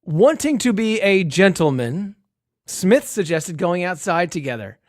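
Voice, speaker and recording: A man's voice: high-pitched, very animated, measured pace, no echo, clean studio sound. Joking man telling a story. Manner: jokey storytelling, laughs often. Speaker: podcast co-host. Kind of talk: casual podcast chat, reading news stories.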